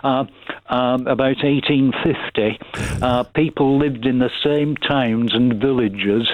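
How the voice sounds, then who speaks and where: A man's voice: mid-range voice, steady tone, slow pace, dry recording. A man with a Burnley accent calling a radio phone-in, talking hesitantly with many fillers and restarts. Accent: Burnley, Lancashire. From Burnley, England. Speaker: caller. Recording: tinny phone line, dry.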